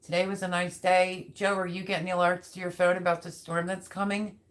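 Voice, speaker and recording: A woman's voice: fairly low pitch, little pitch movement, a little fast. Chatty woman hosting a live stream. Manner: chatty, rambling, talks straight to viewers. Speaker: livestream host reading chat. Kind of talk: casual live-stream chat.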